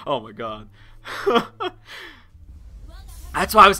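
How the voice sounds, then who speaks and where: A man giving excitable gameplay commentary, laughing often and swinging from loud outbursts to low mutters. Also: drawn-out words, pauses often, soft background music. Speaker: game streamer.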